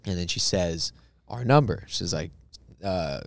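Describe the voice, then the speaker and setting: A man, a comedian guest on a podcast, telling a story in casual, lively fashion and acting out the people in it. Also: sits low, a little slow, creaky, dry recording. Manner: animated, acts out characters in his story.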